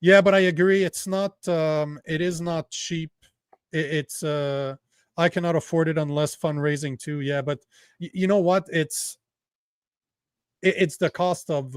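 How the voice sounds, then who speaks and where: A man whose first language is French, co-hosting a casual political livestream in a rambling, animated way with free swearing. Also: a little high, measured pace, clean tone, dry recording, clean studio sound. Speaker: livestream co-host.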